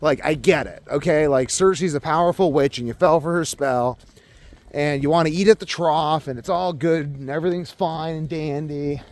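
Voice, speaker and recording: Young male vlogger, high-pitched, profane emphatic ranting monologue. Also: moderate pace, darkish tone.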